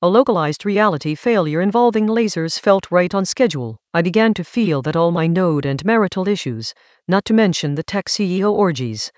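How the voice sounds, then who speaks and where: A man narrating a comedic first-person story in a deadpan, matter-of-fact way. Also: high-pitched, fairly quick, no room sound, highs cut off.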